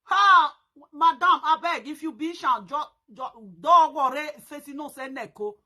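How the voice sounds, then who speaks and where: High, bright-voiced Nigerian woman mocking. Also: moderate pace. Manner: mocking, loud, laughing exclamations. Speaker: live-stream host. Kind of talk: casual live-stream commentary.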